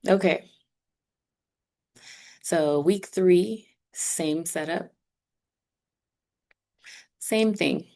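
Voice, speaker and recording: Low-voiced woman walking an online class through its course steps. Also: very slow, gravelly, long pauses, dark tone. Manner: conversational, upbeat, explaining step by step. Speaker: instructor voice for a sign language course.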